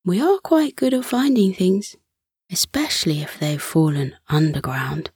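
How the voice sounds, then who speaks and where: A woman voicing a shy, curious little male bunny in a sweet, breathy half-whisper, as whispered role-play. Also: lowish voice, very animated, unhurried, darkish tone, no echo, clean studio sound, full character voice.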